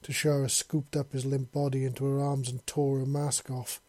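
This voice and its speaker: Man, story narrator, steady low-key reading, mellow dark tone, dry close sound. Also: moderate pace, no echo. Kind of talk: audiobook reading of a fan story.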